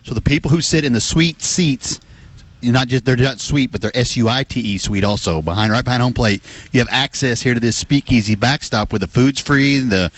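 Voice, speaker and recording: A man's voice: medium pitch, brisk. A man chatting easily as a guest on a radio show. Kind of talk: casual radio chat.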